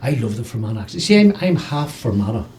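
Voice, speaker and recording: A man's voice: medium pitch, a little hiss or hum. Give me a chatty Northern Irish man hosting. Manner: lively, chatty, quick to laugh. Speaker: radio host. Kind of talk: casual chat.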